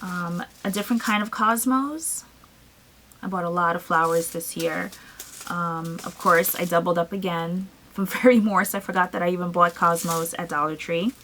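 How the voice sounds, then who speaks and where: A woman from Trinidad, a gardening vlogger, chatting casually and excitedly through a show-and-tell with frequent ums. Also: lowish voice, moderate pace, a little hiss or hum, low-quality recording.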